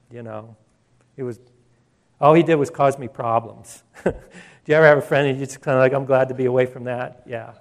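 A male pastor preaching a sermon in an emphatic, conversational way, with asides and restarts. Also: mid-range voice.

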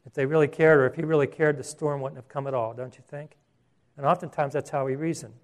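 A man's voice: a little high, fairly even intonation. Earnest male pastor preaching a sermon. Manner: earnest, with frequent restarts and slowed, emphatic phrases.

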